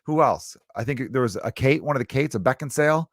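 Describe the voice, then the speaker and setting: A male comedian and podcast host from the Chicago area, riffing through a crude, rambling comedic monologue with quick asides. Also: mid-range voice, animated, dry recording. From Chicago area, United States.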